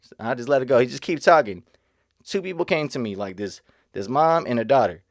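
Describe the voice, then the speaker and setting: A man's voice: medium pitch, animated, a little fast, no room sound, clean studio sound. A man vlogging casually, rambling and earnest, with slightly slurred speech. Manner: rambling, repetitive, restarts often; earnest, motivational. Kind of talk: casual reaction vlog.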